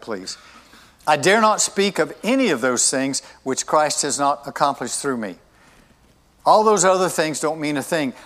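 A man's voice: fairly high pitch, fairly bright tone, big-room sound. A male pastor preaching a sermon in a church service, emphatic and repeating his key phrases.

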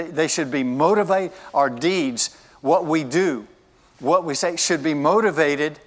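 A man's voice: on the high side, fairly bright tone, in a large hall. A male pastor preaching a sermon in a church service, emphatic and repeating his key phrases.

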